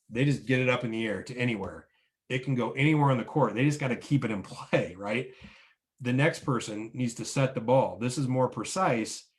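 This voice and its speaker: A man in the middle of a sales coaching talk, his voice at an ordinary pitch for a man. He lays out points one by one and keeps checking in with his listeners. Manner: coaching, often ends points with "right?"; explains with numbered steps and analogies. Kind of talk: instructional talk to business owners.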